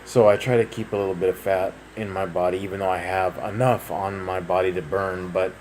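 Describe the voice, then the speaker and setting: A man's voice: low voice, little pitch movement, brisk, a little mellow. A man in his thirties, rambling through a casual personal update to his viewers, full of fillers and restarts. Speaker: vlogger. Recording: noisy home recording.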